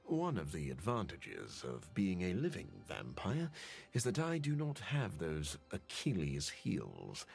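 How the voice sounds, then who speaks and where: An actor voicing a calm male scientist vampire in a video game, with a deep, measured, clinical delivery. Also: vocal fry, soft background music, heavily acted.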